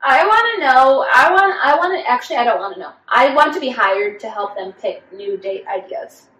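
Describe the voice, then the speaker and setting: A young woman co-hosting a podcast in casual chat, talking fast with lots of "like" fillers and mimicking voices in her stories. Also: on the high side, expressive, pushed and bright, recorded from a distance. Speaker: podcast co-host. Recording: echoey room, a bit off-mic, faint background noise.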